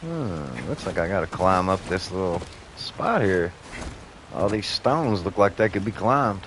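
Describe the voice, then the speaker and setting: A man's voice: deep voice, lively intonation, measured pace, fairly bright tone, slight background noise. A man giving heated, profane, rambling commentary while he plays a video game. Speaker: gaming streamer.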